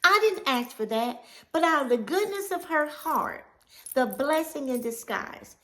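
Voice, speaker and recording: A woman YouTuber telling a personal story to camera in a casual, animated way, laughing often and getting loud. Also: high voice, a little slow.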